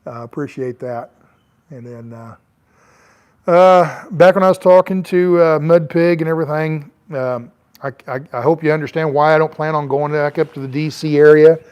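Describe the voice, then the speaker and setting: A man's voice: on the high side, normal speed, darkish tone, smooth. A middle-aged man, chatting loosely on his porch with lots of fillers and restarts. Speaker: travel vlogger. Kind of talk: rambling casual chat. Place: on a porch, outdoors.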